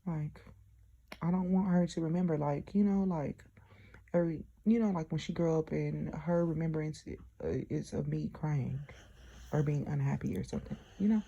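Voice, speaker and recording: A young woman talks through a personal story in a loose, chatty way, full of fillers and direct asides to her listeners. Her voice sits low, with a gravelly fry and a husky edge. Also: fairly even intonation, normal speed, warm tone, highs cut off. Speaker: diary vlogger.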